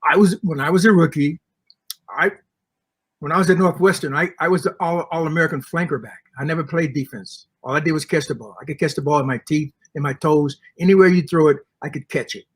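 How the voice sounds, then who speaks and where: An older man as an interview guest, telling stories in an animated way and acting out the voices of people he quotes. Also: fairly high pitch, fairly quick, husky. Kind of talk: storytelling interview. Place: comic convention.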